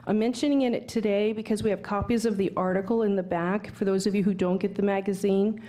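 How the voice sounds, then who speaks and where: A woman minister making calm, friendly church announcements with small pauses, in a sanctuary. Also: medium pitch.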